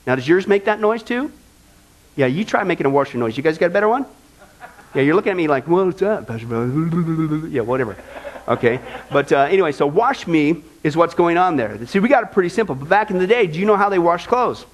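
Animated high-voiced preaching man. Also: quick pace, low-quality recording. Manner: conversational, animated preaching with frequent "okay?" checks. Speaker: pastor. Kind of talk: sermon.

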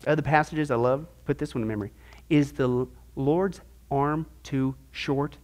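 A man's voice: medium pitch, normal speed, darkish tone. A man teaching a Bible discipleship class as pastor, firing off rhetorical questions with folksy asides.

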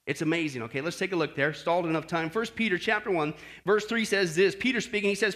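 Man, pastor, sermon, high voice, lively swinging pitch, questions to congregation. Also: fast, few pauses. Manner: animated, exclaims and asks the congregation questions; friendly asides with "okay?" and light joking.

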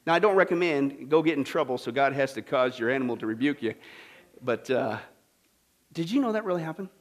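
A man preaching a sermon, animated and folksy, with acted-out voices and asides to the congregation. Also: medium pitch, a little fast. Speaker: pastor.

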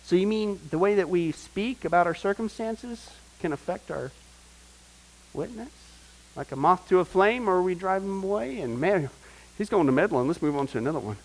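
A man teaching a discipleship Bible class in an animated way, firing off rhetorical questions. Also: high-pitched, moderate pace, poor audio.

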